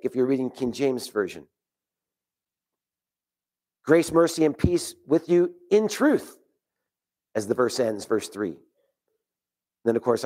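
A man preaching a sermon in church, earnest and steady, reading scripture aloud. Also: a little high. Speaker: pastor.

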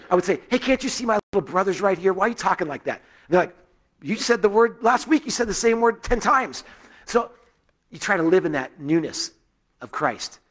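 A middle-aged man giving a sermon as a pastor, telling personal stories in a loose, conversational way with frequent fillers and restarts. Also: high voice.

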